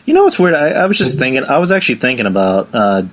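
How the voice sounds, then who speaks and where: A man's voice: medium pitch, big pitch swings, quick pace. A man hosting a casual podcast, telling stories and acting out the voices of the people in them. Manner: storytelling, acts out quoted lines. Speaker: podcast host.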